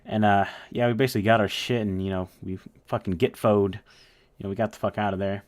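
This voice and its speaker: A man's voice: on the low side, steady tone, brisk, darkish tone. A young man casually telling a story, rambling and swearing with lots of fillers. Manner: rambling, profane, full of fillers.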